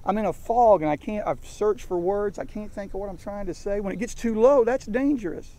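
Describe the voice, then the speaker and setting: A man's voice: high-pitched, fairly quick, mellow. A man in his fifties, a coach giving an emphatic motivational talk to his team in a field. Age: 50s. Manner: emphatic, preaching with repeated punchlines. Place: outdoors in a rural field.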